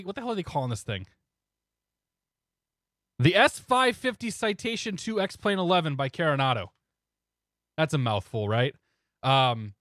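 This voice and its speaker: A man streaming a flight simulator, chatting casually and in a relaxed way with viewers, often chuckling. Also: a little high, no room sound, clean studio sound. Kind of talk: casual live-stream chat.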